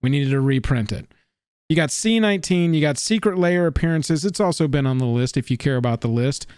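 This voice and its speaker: Animated higher-voiced man chatting. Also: fast talker, clean tone, no room sound, studio quality. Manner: animated, joking asides. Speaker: co-host. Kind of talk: casual chat about card prices.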